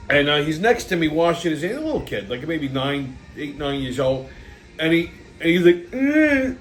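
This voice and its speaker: High-pitched new guy ranting, lots of swearing and "like", faint music behind. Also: a bit bright. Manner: profane, blunt storytelling with many fillers. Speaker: show host. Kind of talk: casual rambling monologue.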